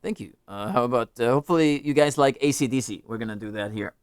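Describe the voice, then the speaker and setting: A man's voice: medium pitch, fast talker, clear, resonant tone, no room sound, clean studio sound. A man hosting a live music stream, chatting casually with viewers, rambling and joking as he interrupts himself. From United States.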